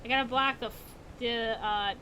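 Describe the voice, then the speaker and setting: A woman's voice: on the high side, fairly even intonation, normal speed, background noise. A woman streaming a puzzle game, muttering to herself and swearing in exasperation. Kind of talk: casual gameplay commentary.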